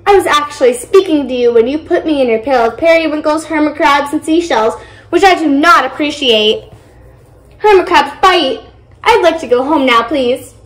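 Young woman doing a tiny shy mermaid, high voice, slow prim politeness. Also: lightly acted, rough recording.

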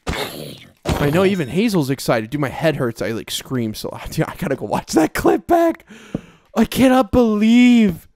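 At home with his puppy nearby, a let's play gamer wearing headphones gives casual gameplay commentary into a desk mic with a windscreen. His voice is creaky, and he's excitable, quick to burst into high-pitched shrieks and laughter.

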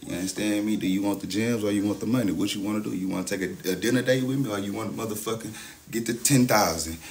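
A young man chats casually on a livestream, boasting and hyping himself up to his chat while constantly dropping fillers like "you know what I'm saying." His voice sits on the low side, quick and a little mellow, with slight background noise.

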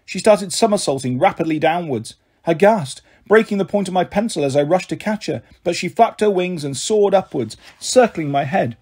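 Husky man reading a children's book. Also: high-pitched, moderate pace, few pauses. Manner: steady, expressive narration. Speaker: storyteller.

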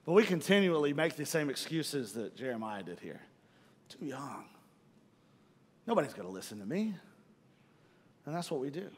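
Middle-aged male pastor, high voice, animated sermon storyteller, live church hall reverb. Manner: animated storytelling, acts out own frustration.

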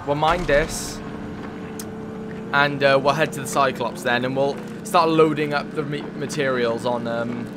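A man's voice: mid-range voice, steady tone, a little slow, background noise. Chatty man thinking aloud while gaming. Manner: chatty, thinks aloud with many fillers, swears when moved. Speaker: let's play gamer. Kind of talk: casual gameplay commentary.

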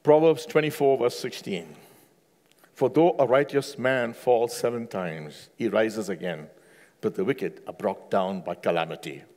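A man preaching a sermon with passion, swinging from hushed, low pleading to loud, high exclamations. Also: measured pace. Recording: long hall reverb.

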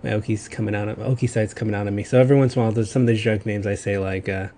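A man from Texas with a Southern accent, giving a recorded pharmacology lecture in a casual, rambling way with quick self-corrections. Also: lowish voice, steady tone, dark tone, slight background noise.

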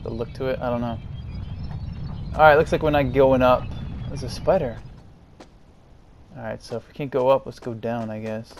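A man's voice: mid-range voice, fairly even intonation, normal speed, pauses often, highs cut off, a little hiss or hum. A man casually commenting while playing a video game, rambling and easygoing with lots of fillers. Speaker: gaming channel host. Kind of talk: casual let's-play commentary.

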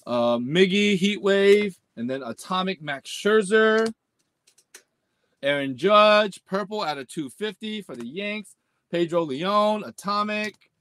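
A man hosting a live sports card break stream. He talks in slangy bursts, groans and shouts at the pulls, and rattles off the hits in a list. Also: high voice, expressive, takes it slowly, clean tone. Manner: slangy, repeats "man" and "let's go".

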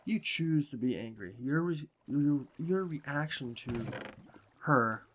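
A man's voice: animated, takes it slowly, slight background noise. Rambling man chatting over a game. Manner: rambling, coaxes game animals in a higher sing-song voice. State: chewing a cough drop while talking. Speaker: gameplay commentator. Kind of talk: casual game commentary.

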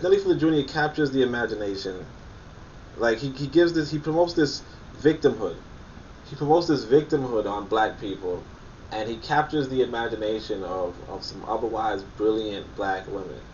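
A man's voice: lowish voice, a little mellow, distant mic, muffled recording, a little hiss or hum. A man reading a book aloud and commenting on it critically, emphatic and incredulous, often repeating his points for emphasis. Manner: incredulous and scoffing.

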